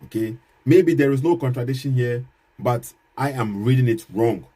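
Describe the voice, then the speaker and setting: Man, husky mellow voice, measured apologist vlog delivery, repeats himself for emphasis. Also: mid-range voice. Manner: measured, repeats points, rhetorical questions, dry chuckles. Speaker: Christian apologist vlogger. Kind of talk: casual argumentative commentary to camera.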